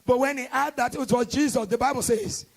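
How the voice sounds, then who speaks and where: A man with a Nigerian accent preaching a sermon at a church service, moving from storytelling into shouted, impassioned declarations. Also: very high-pitched, fairly even intonation, a little fast, gravelly. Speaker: evangelist preacher.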